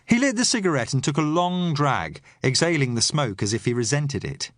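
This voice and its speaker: Lively male audiobook narrator. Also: a little high, normal speed, hardly any pauses, no room sound, clean studio sound. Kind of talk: first-person novel narration.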